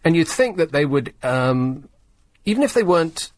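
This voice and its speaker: A man's voice: on the high side, very animated, normal speed, dry recording. A male radio host in a studio, reading a newspaper story aloud with sarcastic, wry asides. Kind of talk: late-night radio talk, reading the paper aloud. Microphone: studio microphone.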